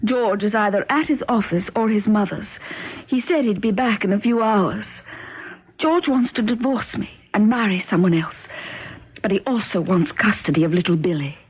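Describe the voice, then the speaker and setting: A woman's voice: mid-range voice, normal speed, breathy edge, natural voice. An actress playing a frightened young British countess and mother in a 1970s radio drama, speaking with a British accent in a desperate, pleading way. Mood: earnest. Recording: tinny old radio broadcast.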